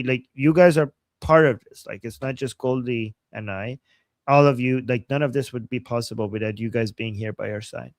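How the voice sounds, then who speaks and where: A man's voice: medium pitch, no echo. Casual male livestream co-host, dry sound. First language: Persian. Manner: rambling, many restarts and "like".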